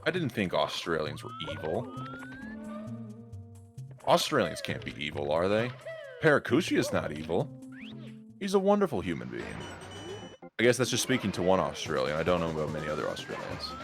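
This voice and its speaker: A man giving energetic, joking live play-by-play commentary on a speedrun race. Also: sits low, brisk. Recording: music playing behind.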